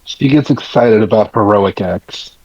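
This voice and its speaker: A player in a tabletop game, speaking loudly and with animation. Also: medium pitch, measured pace, muffled recording.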